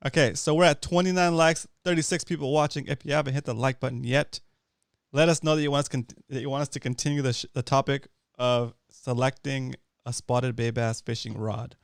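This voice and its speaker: A man's voice: mid-range voice, fairly even intonation, brisk, clear, resonant tone, dry recording, studio quality. Upbeat man co-hosting a fishing show. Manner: upbeat, coaching listeners with repeated "okay?". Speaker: co-host of a fishing talk show. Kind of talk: casual livestream chat.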